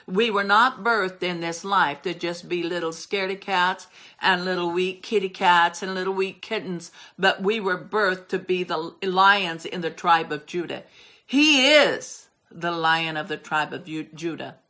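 A woman's voice: lowish voice, a little slow, sharp tone. An older woman preaching a sermon, emphatic and repetitive as she drives her points home. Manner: emphatic, repeats words for stress.

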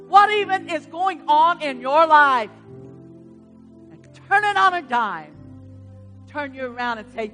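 A woman pastor preaching a sermon in a church, swinging from hushed storytelling to loud exhortation. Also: very high voice. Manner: dramatic swings from hushed to loud, retelling stories. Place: church sanctuary.

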